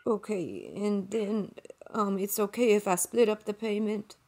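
A woman's voice: mid-range voice, measured pace, darkish tone. A woman making a prank phone call, playing a nervous and hesitant caller. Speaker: video creator prank-calling scammers.

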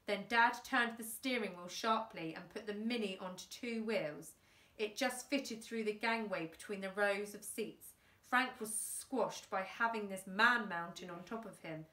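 A woman teacher reading a children's book aloud, animated and with chatty asides. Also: medium pitch. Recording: roomy room, distant mic.

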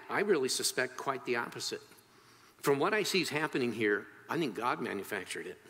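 A male pastor preaching a sermon, telling the story with animated swings between loud, high moments and quiet, low ones. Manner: animated storytelling with wide swings in pitch and loudness. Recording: long hall reverb.

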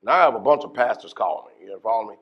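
A man preaching a sermon as pastor, putting questions to his congregation and moving between hushed asides and loud, emphatic bursts. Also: on the low side, expressive, racing, slightly rough, highs cut off. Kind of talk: deliverance workshop sermon.

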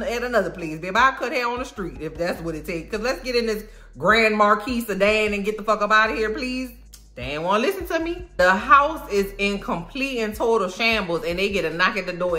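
A woman giving a comedic, profane movie recap, animated and acting out the characters. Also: medium pitch, fairly quick. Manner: animated and profane, acts out characters, frequent laughter. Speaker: movie reaction vlogger.

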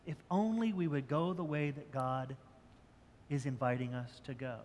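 A man's voice: mid-range voice, steady tone, normal speed, darkish tone, slight background noise. Older man preaching in an echoing church. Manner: conversational preaching with repeated restarts. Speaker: pastor. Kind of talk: sermon. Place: church sanctuary. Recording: church hall with long reverb.

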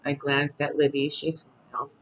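A storyteller reading a chapter book aloud at bedtime in a calm, steady voice. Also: mid-range voice, moderate pace, poor audio.

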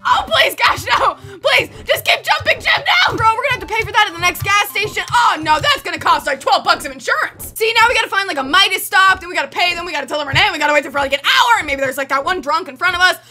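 A woman with a very high, bright voice narrates a game in let's play style, swinging wildly up and down in pitch. She breaks into excited shrieks and keeps up jokey running gags. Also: quick pace, hardly any pauses, soft background music. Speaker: gaming channel host.

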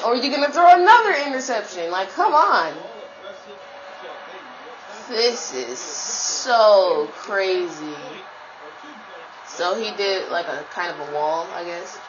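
A woman giving live commentary while playing a football video game, trash-talking her opponent and breaking into sudden high shouts. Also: lo-fi sound.

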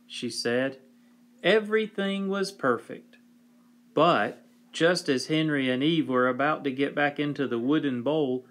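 A man with a fairly high voice reads a children's picture book aloud, slow and unhurried. His delivery is gentle and playful, meant for young listeners. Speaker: storybook reader.

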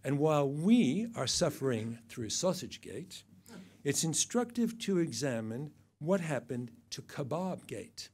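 A man's voice: a little high, sing-song, unhurried, darkish tone, slight background noise. An older man giving a satirical awards speech to an event audience, dry and mocking, with wry asides. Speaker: awards presenter.

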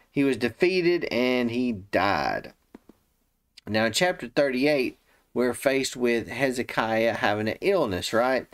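A man giving casual Bible commentary, retelling the story in his own words and acting out the people in it. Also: medium pitch. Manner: acts out the quoted speakers. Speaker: Bible teacher.

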